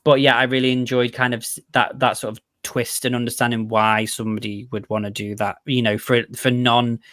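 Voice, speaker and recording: A man's voice: medium pitch, level tone, brisk, a bit bright, no room sound, studio quality. A man hosting a casual review chat, rambling and enthusiastic, with lots of "like" and restarts. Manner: chatty and rambling, full of "like" and restarts; enthusiastic, gushing about favorites. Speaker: podcast host reviewing a TV series.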